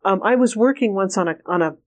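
A woman's voice: mid-range voice, fast. A woman guest in an interview, earnestly telling personal stories in a candid, conversational way with frequent restarts. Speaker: interview guest, remote viewing trainer.

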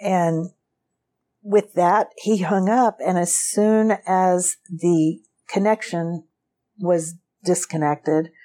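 A woman with a low, mellow voice tells a personal story to an interviewer. She speaks slowly and evenly, and she often laughs lightly between sentences. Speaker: interview guest.

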